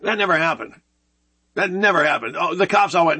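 A man's voice: on the high side, expressive, a little fast, pushed and bright, breathy edge. A man hosting a talk radio show, joking and rambling in a sarcastic way.

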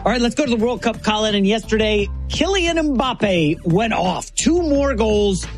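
A sports talk co-host who chats with an easy, animated manner and sets up each topic. The pitch stays in the middle but swings widely. A faint music bed plays behind. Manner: chatty, animated, quick to laugh.

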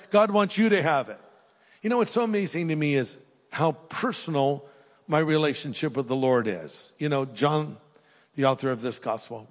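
Older male pastor, sermon and closing prayer, slightly high voice, earnest delivery, long hall reverb. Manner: earnest, dynamic swings from loud urging to hushed prayer. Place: large church auditorium with live audience.

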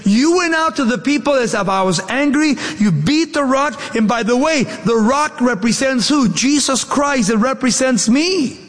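A male preacher voicing God as a patient, reasoning deity who gently scolds in everyday speech. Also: very high voice, lively intonation, moderate pace, few pauses, long reverb tail, voice pushed up. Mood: reproving.

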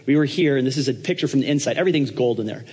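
A man's voice: medium pitch, lively intonation, racing, a little mellow, husky. A man preaching a humorous sermon in a church, talking conversationally and checking in with the congregation. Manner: joking, conversational, checks in with the audience. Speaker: pastor. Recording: reverberant church hall.

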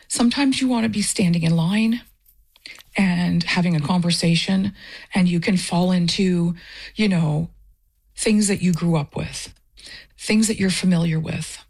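A woman's voice: lowish voice, unhurried, gravelly, a little mellow. A woman from Canada, a festival director, talking earnestly and with feeling in an interview. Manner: earnest and emotional. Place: Portage, Michigan.

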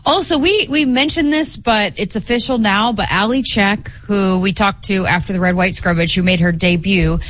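A young woman co-hosting a sports radio show, cheerful and quick to laugh. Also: mid-range voice, fairly bright tone. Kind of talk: casual sports show banter.

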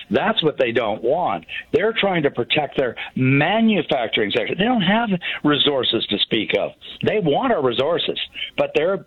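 A man's voice: medium pitch, no echo. A man in his sixties, a professor on radio commentary, talking emphatically with sarcastic asides and many fillers. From Canada. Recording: tinny phone line.

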